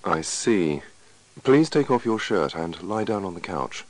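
A man voicing a calm, firm male doctor in a scripted dialogue reading, giving reassuring, instructive advice. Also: low-pitched, a little slow, poor audio.

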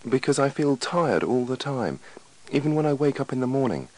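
A man's voice: mid-range voice, sing-song, moderate pace, a little mellow, pitched above the performer's own voice, rough recording. A man voicing an anxious, overworked male patient in a scripted dialogue reading, with a worried, pleading manner.

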